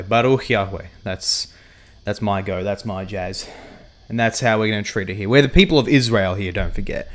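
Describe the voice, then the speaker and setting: A man's voice: fairly low pitch, fairly even intonation, normal speed, vocal fry. A man live-streaming a strategy game, chatting casually and greeting viewers by name, with light laughs mid-sentence.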